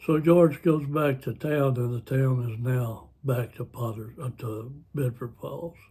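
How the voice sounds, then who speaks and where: A man tells a story in a casual, rambling way and often corrects himself partway through. His voice is slow, husky and dark. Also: medium pitch. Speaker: vlogger.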